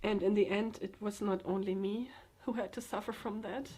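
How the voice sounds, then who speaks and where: A young woman with a German accent talks straight to camera in a confessional vlog. Her voice sits at a middle pitch, and her delivery is earnest and hesitant, full of fillers and restarts. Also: steady tone, normal speed, hardly any pauses, a little mellow, slightly rough. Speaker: vlogger.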